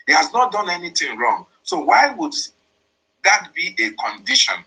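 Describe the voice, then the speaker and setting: A man's voice: high voice, big pitch swings, normal speed, creaky, sharp tone, slightly rough, poor audio. A man, hosting political commentary, who explains a played voice message emphatically and repeats his points. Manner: emphatic, repetitive, explains each line. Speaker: host interpreting a played voice message.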